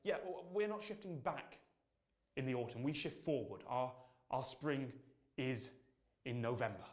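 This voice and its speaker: A man's voice: medium pitch, measured pace, natural voice. A man voicing a polite caller who patiently explains things with hesitant "um"s. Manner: mild, matter-of-fact, hesitant "um"s.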